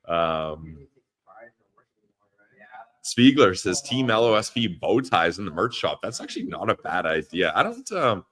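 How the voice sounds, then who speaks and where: A young man with a low voice talks casually on a live-streamed podcast from a friend's parents' house. He laughs often and reads viewers' chat comments aloud as he goes. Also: sing-song, measured pace, fairly bright tone. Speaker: podcast co-host.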